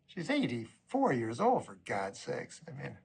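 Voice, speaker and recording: A man doing a stand-up comedy set, telling stories in a dry, deadpan way with halting pauses. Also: medium pitch, vocal fry, big-room sound. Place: comedy stage.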